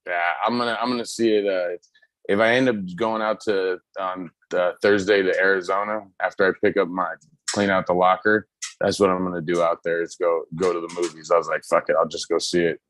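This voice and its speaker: A man co-hosting a casual pop culture chat, talking loosely with lots of swearing and excited retelling. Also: low-pitched, fairly quick, no room sound. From United States. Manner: loose, profane, excitable storytelling. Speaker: podcast co-host.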